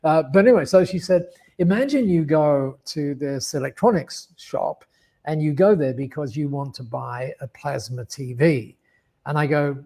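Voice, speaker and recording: An Australian man with a slightly husky, somewhat high voice talks through a story as an interview guest. He rambles and restarts, slipping into quoted back-and-forth dialogue as he goes. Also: moderate pace, mellow. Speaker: guest speaker.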